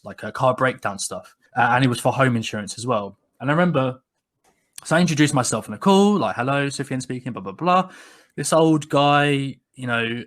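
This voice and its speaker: Podcast co-host, man, thirties, mid-pitched, chatty storyteller who restarts a lot. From England. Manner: rambling, many restarts, animated when quoting people. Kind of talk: casual conversational storytelling.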